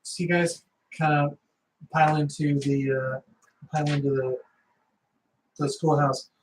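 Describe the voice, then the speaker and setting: A man's voice: fairly high pitch, flat delivery, a little slow, a little hiss or hum, poor audio. A man running a tabletop game as game master, narrating with many fillers and restarts.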